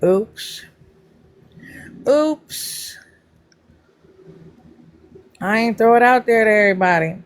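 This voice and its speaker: A chatty woman hosts a casual livestream and talks straight to her viewers. She greets people by name in a voice that leaps up high, then drops back down to relaxed, playful teasing. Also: fast talker, hardly any pauses. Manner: pitch jumps up high when greeting people. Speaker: livestream host.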